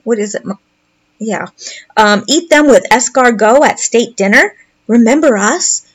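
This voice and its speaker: A woman's voice: on the high side, animated, a little slow. A woman commentator reading posts aloud and commenting on them in a sarcastic, mocking way.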